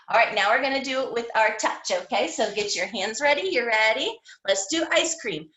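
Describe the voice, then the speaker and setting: A woman teaching a phonics lesson to young children, sounding out each letter slowly in a sing-song way. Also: fairly high pitch, lively intonation, sharp tone. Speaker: kindergarten teacher. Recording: echoey room.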